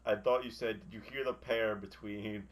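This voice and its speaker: A young American man with a low voice talks casually on a podcast. He is blunt and swears freely, and he teases the others in a dry way. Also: fairly even intonation, normal speed. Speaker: podcast co-host. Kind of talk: casual chat.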